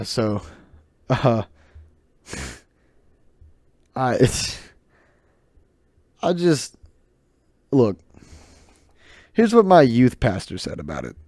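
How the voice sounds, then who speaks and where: A man's voice: mid-range voice, darkish tone, no room sound, clean studio sound. Rambling young man hosting a podcast. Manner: rambling, joking, loose and opinionated. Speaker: podcast host. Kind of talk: casual solo podcast monologue.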